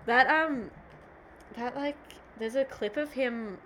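A woman's voice: fairly high pitch, slow pace, fairly bright tone, slight background noise. A young woman co-hosting a casual podcast chat, rambling with lots of 'like' and 'um' and trailing off mid-thought. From Australia. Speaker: podcast co-host.

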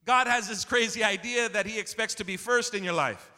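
A man pastor preaching an expository sermon with passion, swinging from low confiding tones to near-shouts and calling on the congregation to answer back. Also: moderate pace. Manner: calls out to the congregation for responses. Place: church sanctuary. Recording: long hall reverb in a church.

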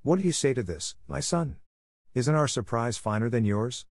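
A man voicing a kind, gentle elderly grandmother who talks to a child with mild, patient earnestness. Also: mid-range voice, animated, moderate pace, no echo, clean studio sound, pitched above the performer's own voice, natural voice. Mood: kindly. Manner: gentle, kindly lecturing. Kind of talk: audiobook character voice.

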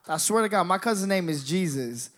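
A young man telling a story in an animated, profane way, acting out other people's voices. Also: high-pitched, brisk. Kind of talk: storytelling monologue.

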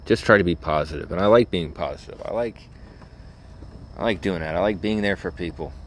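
Deep-voiced man rambling cynically. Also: fairly quick. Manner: blunt, cynical, rambling with frequent fillers and cursing. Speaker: vlogger. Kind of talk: casual rambling monologue.

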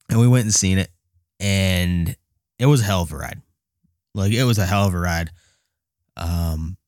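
A man casually retelling a movie night, swearing freely and laughing often, jumping into high excited voices when reenacting his reactions. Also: no room sound, clean studio sound. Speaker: movie fan recounting a film. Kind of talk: casual personal storytelling.

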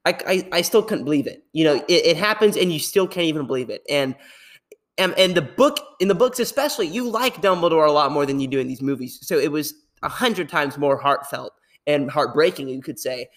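A young man hosting a podcast, talking casually in a rambling, animated way and laughing often. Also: on the high side, fairly quick. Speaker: podcast host.

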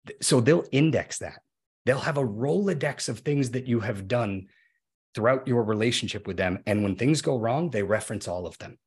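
A man's voice: mid-range voice, lively intonation, moderate pace, darkish tone, breathy edge. A man in a casual podcast conversation, explaining at length with everyday examples.

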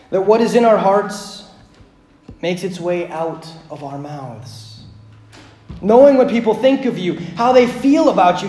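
A male pastor preaching a sermon, dramatic, swinging between loud emphasis and hushed lines with slow repetition. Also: high-pitched. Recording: echoey room.

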